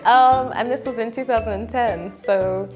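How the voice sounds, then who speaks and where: A woman from England, a teacher, speaking in a thoughtful, measured way in a documentary interview. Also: a little high, darkish tone, faint music behind.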